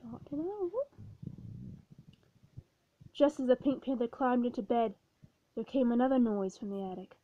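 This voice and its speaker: A woman narrating a children's storybook aloud in a slow, clear storytelling manner. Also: fairly high pitch, a little hiss or hum. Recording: dull, dry recording.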